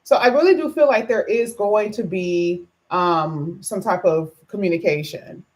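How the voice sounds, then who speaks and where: A woman's voice: medium pitch, a little slow, darkish tone. A woman who has just woken up, doing a chatty live tarot reading and greeting her viewers by name. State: just woke up, voice low. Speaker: tarot reader.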